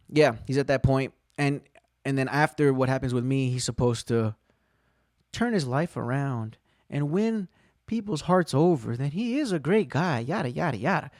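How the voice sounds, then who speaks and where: A man hosting his own solo podcast, rambling through stories with lots of swearing and excitable bursts. His voice sits a bit high for a man. The recording is close and dry. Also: no echo. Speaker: podcast host. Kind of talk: casual solo podcast storytelling.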